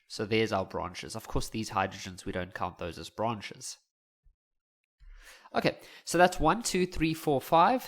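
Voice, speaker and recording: A young man with a South African accent talks through a chemistry lesson in a casual, joking manner. His voice sits at an ordinary middle pitch. He laughs at his own asides and chats freely between steps. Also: fairly bright tone. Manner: chatty, jokey, laughs at his own jokes. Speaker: teacher.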